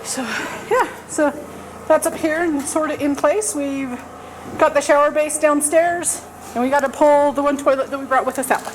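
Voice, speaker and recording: A woman talks casually to the camera while working around a cabin, filling her sentences with "so" and "um". Her voice sits a little high. The camera audio is noisy. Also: steady tone, moderate pace. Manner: chatty, lots of fillers and "so". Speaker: vlogger. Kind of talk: casual vlog narration. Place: snowy cabin, indoors and out.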